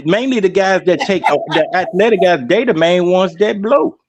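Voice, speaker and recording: A man trading brash, profane banter on a livestream panel. His voice sits fairly high and he talks with animated, joking energy. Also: normal speed, highs cut off. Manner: brash, animated, swears freely.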